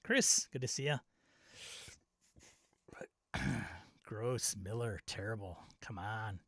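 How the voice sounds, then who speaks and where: A man's voice: fairly low pitch, takes it slowly, gravelly, fairly bright tone, breathy edge, dry recording, clean studio sound. A middle-aged man from Wisconsin hosting a casual live-stream chat, rambling and nostalgic, often laughing at himself. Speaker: channel host.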